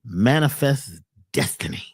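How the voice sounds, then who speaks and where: A man giving a webcast talk on health in a preacherly way, swinging between loud lines and hushed ones. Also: medium pitch, lively intonation, measured pace, slightly rough. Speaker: holistic health speaker.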